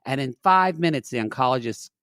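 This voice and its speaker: A man co-hosting a podcast, telling a long story in casual chat, animated and profane, recorded on a dry, close mic. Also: medium pitch, a little fast, smooth, no echo. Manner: animated, profane storytelling with dramatic quoted outbursts. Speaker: podcast co-host.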